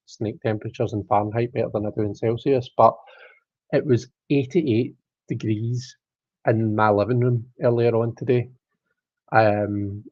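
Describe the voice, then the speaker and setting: A man in his thirties with a medium-pitched voice hosts a casual tarot live stream, rambling as he reads viewer comments aloud. The audio is dull lo-fi stream sound with no room sound.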